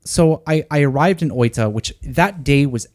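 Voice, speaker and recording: An American podcast co-host in his thirties tells a story during a casual chat, animatedly performing the lines of the people involved. His pitch sits fairly high and his pace is normal.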